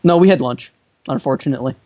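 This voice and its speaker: A young man co-hosting a podcast, telling a childhood story in a lively, laughing, profane way. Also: mid-range voice, quick pace. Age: young adult. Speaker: podcast co-host. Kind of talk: casual storytelling chat. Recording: dull lo-fi audio.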